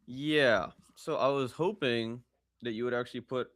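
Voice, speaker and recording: A man's voice: medium pitch, fairly even intonation, moderate pace, fairly bright tone, no room sound. Mid-voiced man on a call, probing questions, dry close sound. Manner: probing, restarts his questions. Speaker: composer asking for feedback. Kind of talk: casual chat.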